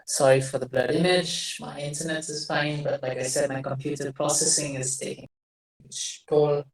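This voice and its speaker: Poor audio carries this man's fairly high, steady voice at an ordinary speed. Sharing his screen, the farming-trends commentator wanders from point to point, frequently starting over and slipping in wry self-deprecation.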